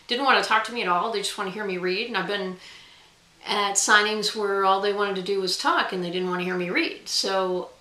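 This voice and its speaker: A woman's voice: medium pitch, pushed and bright, reverberant, rough recording. A woman author talking casually straight to camera in a chatty, self-deprecating way, with frequent ums. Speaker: author and guest vlogger.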